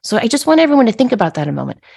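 A middle-aged woman hosting a podcast, telling a personal story in a conversational way. She is animated and laughs as she acts out her own yelling. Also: fairly high pitch, racing, vocal fry, slightly rough. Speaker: podcast host.

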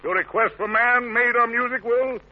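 A man hosting an old radio show, trading quick slangy patter in comic banter, heard on a dull lo-fi 1940s radio transcription. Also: very high-pitched, steady tone.

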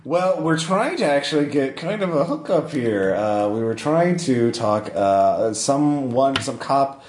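A man's voice: medium pitch, big pitch swings, measured pace, a little mellow, echoey room, slight background noise. A man playing a tabletop game, talking hesitantly with many fillers. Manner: hesitant, lots of uh and restarts. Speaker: player.

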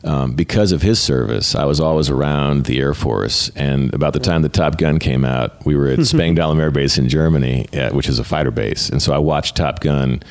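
A middle-aged American man with an extremely deep voice, talking as an interview guest. He speaks earnestly in a relaxed, conversational way and often stumbles over repeated words as a thought gets going. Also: normal speed, few pauses. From United States. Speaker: guest, retired fighter pilot. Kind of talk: casual interview talk.

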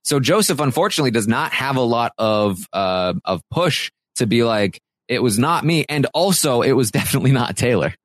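A man's voice: mid-range voice, big pitch swings, fairly bright tone, dry recording, studio quality. A man hosting a podcast, casually recapping a reality show and paraphrasing what the houseguests said, with plenty of fillers. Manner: retells houseguests' talk in quick paraphrased quotes, with fillers.

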